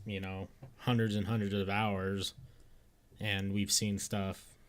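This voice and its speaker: Casting: male podcast co-host, lowish voice, loose and profane, casual. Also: flat delivery, takes it slowly. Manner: loose, profane, laughs often. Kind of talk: casual chat.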